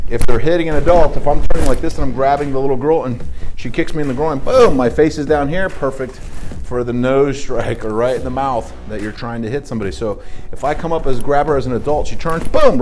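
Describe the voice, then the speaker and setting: A man, a martial arts instructor, teaching a children's self-defense class with upbeat coaching and quick praise. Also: mid-range voice, a little mellow.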